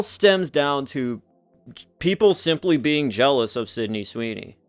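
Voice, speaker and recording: A man's voice: mid-range voice, expressive, unhurried, no echo, faint music behind. A man hosting a casual commentary in a rambling, joking manner. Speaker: commentary host.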